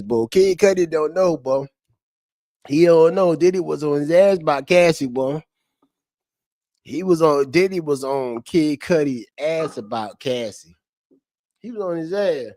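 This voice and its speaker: A man streaming to his chat, reading court testimony in a flat voice and then breaking into slangy, profane, laughing commentary. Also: on the high side, unhurried, dry recording, studio quality. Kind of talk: casual livestream commentary.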